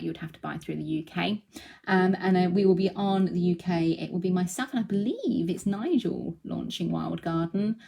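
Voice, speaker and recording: A woman's voice: lowish voice, creaky, dark tone, husky. A young woman giving a live craft demonstration, chatty and explaining as she works. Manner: chatty, breaks off to coo at her cat.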